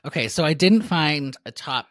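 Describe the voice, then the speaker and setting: A woman's voice: low-pitched, animated, normal speed, no room sound. A woman co-hosting a podcast, reading out a list of movies and giving dry, understated reactions in casual chat. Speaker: podcast co-host.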